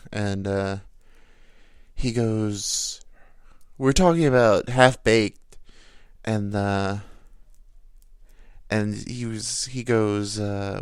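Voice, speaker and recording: Smooth low-voiced man rambling. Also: a little mellow, no room sound, clean studio sound. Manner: rambling and self-deprecating. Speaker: podcast host. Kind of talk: casual comedic monologue.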